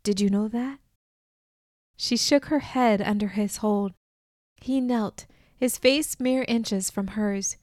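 Woman narrator for a novel reading, unhurried and even, mid pitch. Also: no room sound, studio quality. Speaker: audiobook narrator. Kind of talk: scripted first-person audiobook narration.

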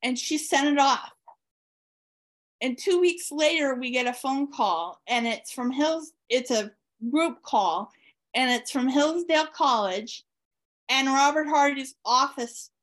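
A woman with a high voice tells a personal story at an unhurried pace. She talks warmly and eagerly, with plenty of ums and uhs, as an author being interviewed. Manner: warm, excited storyteller with frequent fillers. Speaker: author guest.

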